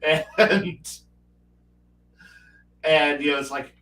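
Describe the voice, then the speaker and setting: A man's voice: on the high side, steady tone, a little slow, long pauses, a bit bright. A man hosting a livestream who chats casually about strategy games, rambling with many restarts and acting out quotes. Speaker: livestream host. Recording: roomy, with a distant mic.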